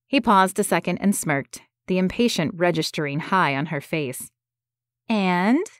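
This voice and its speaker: A woman giving scripted narration of a romance audiobook in a measured, gentle way. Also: fairly low pitch, no echo, clean studio sound.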